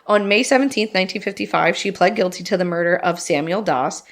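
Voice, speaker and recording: A woman's voice: lowish voice, fast. A young adult woman, co-host of a podcast, casually telling a true-crime story, swearing freely and laughing at her own jokes.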